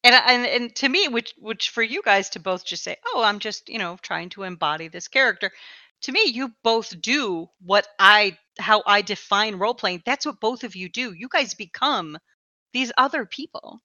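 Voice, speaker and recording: Woman host, bright voice, chatty and repeating herself, dull dry recording. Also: medium pitch, expressive, normal speed, no room sound. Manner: chatty, repeats words and laughs often. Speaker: podcast host. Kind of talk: casual chat. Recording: dull, slightly lo-fi dry sound.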